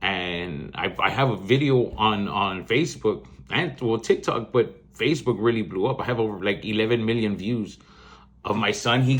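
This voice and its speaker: Low-ish voiced guy in his 40s, podcast host, rambly and blunt, cusses a lot. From South Texas. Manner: rambling, blunt, swears freely, laughs mid-story. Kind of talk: casual storytelling monologue.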